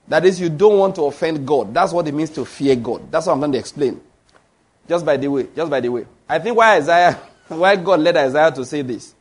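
A man's voice: on the high side, brisk, breathy edge. A man preaching a sermon, emphatic, repeating lines for stress and reading scripture aloud.

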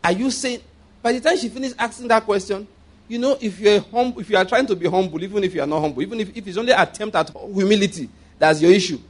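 A man's voice: sits high, fast talker. A man preaching a sermon as a story, repeating himself for emphasis, checking in with his listeners and chuckling along the way. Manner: chuckles often while telling.

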